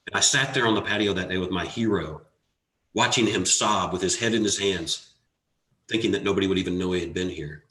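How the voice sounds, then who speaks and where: A man giving a motivational talk, telling a personal story earnestly with dramatic pauses and rising emphasis. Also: low voice, pushed and bright. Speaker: motivational speaker. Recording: echoey room.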